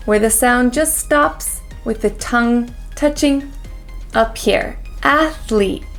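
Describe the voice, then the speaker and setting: A woman with an American accent teaching pronunciation as a coach, drilling each word slowly and carefully with many repeats. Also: on the high side. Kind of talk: pronunciation lesson.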